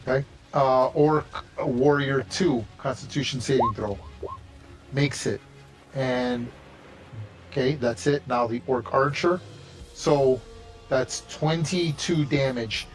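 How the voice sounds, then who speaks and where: A man's voice: medium pitch, slow pace, soft background music, rough recording. A man narrating and running a tabletop game as game master, talking casually with many restarts.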